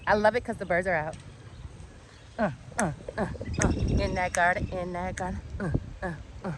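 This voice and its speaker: A woman giving a casual walk-and-talk tour of her backyard garden. She talks in an excitable, chatty way and drifts off topic easily. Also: lowish voice, normal speed. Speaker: home gardener and channel host. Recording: outdoor noise with birds and passing traffic.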